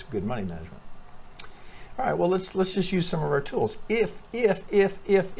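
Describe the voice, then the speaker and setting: A man giving a casual chart walkthrough as a trading analyst, talking animatedly, swearing freely and thinking out loud with lots of restarts. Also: medium pitch, gravelly, breathy edge.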